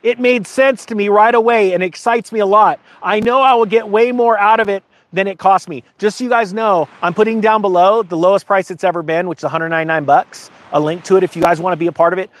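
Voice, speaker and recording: Talking to camera on his own channel, a middle-aged man rambles casually and emphatically, growing emotional. His high-pitched voice holds a steady tone, and he talks fast with hardly any pauses.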